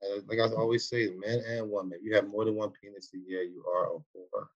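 A man's voice: on the low side, flat delivery, brisk, dull audio. A man in his forties co-hosting a podcast in casual chat, rambling and preachy, recorded on a makeshift mic. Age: 40s. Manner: loose, preachy, rambling street talk. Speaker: podcast co-host. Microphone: broken mic, poor substitute.

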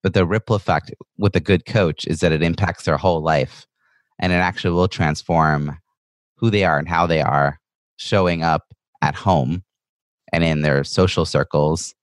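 Male podcast host, very deep voice, thoughtful, affirming interviewer, dry close sound. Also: no room sound. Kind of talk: interview conversation.

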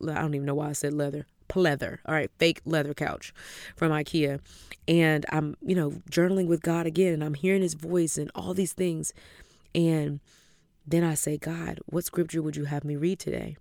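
A woman in her thirties, a podcast host telling a personal story in a chatty, animated way, often calling her listeners y'all. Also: low-pitched, creaky, no echo, studio quality. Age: 30s. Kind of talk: casual storytelling.

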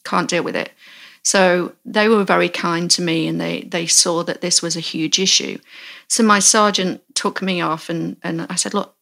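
Low gravelly woman telling a story. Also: steady tone, fairly bright tone. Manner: candid, halting, self-correcting. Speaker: podcast host. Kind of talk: storytelling in casual chat.

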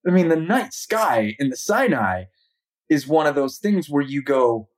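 Woman, podcast guest, vivid storytelling, animated, lower pitch. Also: unhurried.

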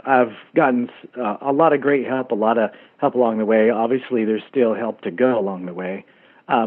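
A man calling a radio show who asks his questions hesitantly and with many fillers. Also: mid-range voice. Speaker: caller. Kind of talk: phone-in question. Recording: tinny phone line.

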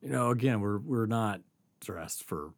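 Animated man telling a story. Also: lowish voice, measured pace, no room sound, studio quality. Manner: animated, laughs often, lots of fillers and swearing. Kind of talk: casual storytelling.

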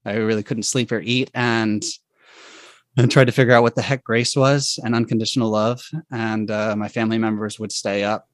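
A man telling a personal faith story in conversation, speaking haltingly and reflectively with many restarts. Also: fairly low pitch, level tone, no room sound.

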